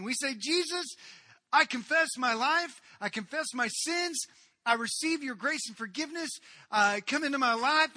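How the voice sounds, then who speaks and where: A man preaching a sermon in a lively, storytelling way, acting out the people in the story. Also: extremely high pitch, dry recording, clean studio sound. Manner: animated, acts out the people in the story. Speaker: pastor.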